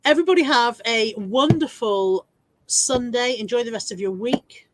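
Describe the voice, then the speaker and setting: A woman's voice: a little high, normal speed, dry recording, poor audio. A woman chatting casually on her regular live stream, laughing often and joking at her own expense.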